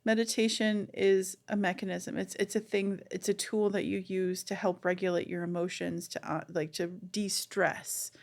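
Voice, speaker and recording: A woman co-hosting a podcast, telling a long story in casual chat, animated and rambling with many fillers. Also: medium pitch, normal speed, vocal fry, few pauses. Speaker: podcast co-host.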